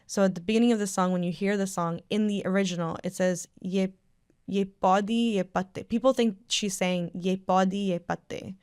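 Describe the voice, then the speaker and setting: A woman's voice: medium pitch, normal speed, smooth, dry recording. A woman hosting a podcast in a studio, chatting casually and acting out the voices in her stories. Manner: animated storyteller, acts out quoted voices. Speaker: podcast host. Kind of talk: casual chat.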